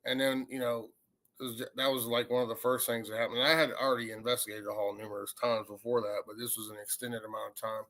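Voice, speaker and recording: Bright-voiced man telling ghost stories. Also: mid-range voice, fast. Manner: rambling, animated retelling with acted quotes. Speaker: paranormal investigator. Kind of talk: casual storytelling.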